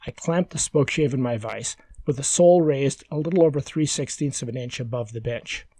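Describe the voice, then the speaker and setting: A man giving calm, measured, step-by-step woodworking instructions as a scripted voice-over. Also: mid-range voice, dry recording.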